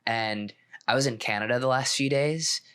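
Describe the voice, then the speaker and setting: A man's voice: mid-range voice, moderate pace, a bit bright, clear, resonant tone. A young man co-hosting a podcast in casual chat, talking loosely with many restarts. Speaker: podcast co-host and pro player.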